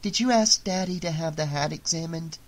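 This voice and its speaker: A woman's voice: sits low, moderate pace, natural voice. A narrator voicing a defiant, frightened teenage girl in an audiobook, speaking urgently and accusingly. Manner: urgent, accusing, shouting at times. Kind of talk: audiobook character reading.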